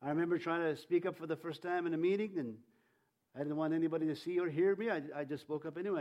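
A man's voice: a little high, steady tone, fast, a little mellow. A male preacher delivering a sermon with fervour, leading the congregation to repeat lines after him. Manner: fervent, leads congregation in call-and-response.

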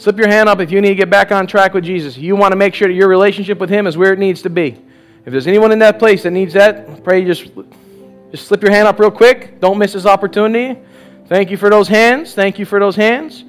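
High-voiced preacher exhorting a congregation. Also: male voice, steady tone, a little fast, faint music behind. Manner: exhorting, repetitive "come on" calls, bursts of laughter. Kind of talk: charismatic sermon and altar call. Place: church service with live audience.

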